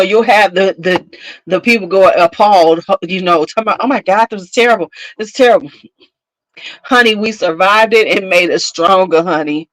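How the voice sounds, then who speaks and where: A woman hosting a casual chat to camera, telling stories in an animated, profane way, laughing often and acting out scenes. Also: mid-range voice, no echo, low-quality recording. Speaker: beauty channel host.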